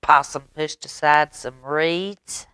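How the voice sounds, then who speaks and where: A woman reading a story aloud to children at storytime, with gentle animated asides. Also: deep voice, slow, clear, resonant tone, no echo.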